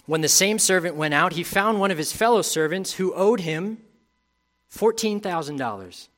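A man delivers a sermon as pastor. He reads scripture aloud and builds in intensity. Then he drops to a quiet, reflective tone. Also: high-pitched, animated, normal speed.

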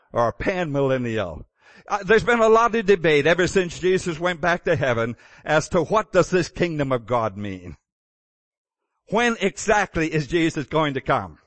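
A man's voice: sits high, a bit bright, no echo. A man preaching a sermon in a conversational way, with chuckles and restarts. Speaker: pastor.

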